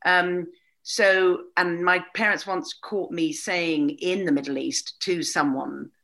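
A woman talking as an interview guest, animated and candid, with a wry, storytelling manner. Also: on the low side, takes it slowly, gravelly. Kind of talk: casual conversation.

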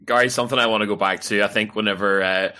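A male podcast host with a lowish voice and a bright, forceful edge. He asks questions playfully, half teasing his guest. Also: fairly even intonation, racing, a little hiss or hum. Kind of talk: casual podcast interview.

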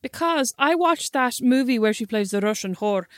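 A woman in her twenties or thirties tells a cheeky story in a relaxed podcast chat, scolding her sister in jest and laughing quickly. Her voice is fairly high and the recording is close and dry. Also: no room sound. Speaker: podcast co-host.

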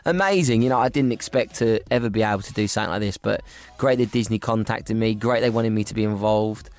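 A man chatting as a guest on a radio show, cheerful and quick to laugh, often repeating his words. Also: on the low side. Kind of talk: casual radio chat.

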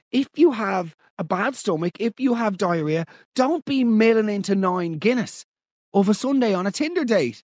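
An Irish man hosting a comedy podcast, talking in animated, incredulous and profane banter. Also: sits high, a little fast, dry recording, studio quality. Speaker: podcast host. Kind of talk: casual comedic monologue.

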